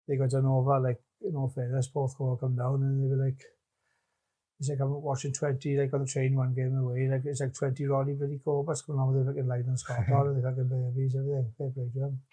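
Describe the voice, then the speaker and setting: A man's voice: medium pitch, completely flat delivery, quick pace, warm tone. A middle-aged man telling stories as a guest in a casual chat. He swears freely and trails off mid-sentence.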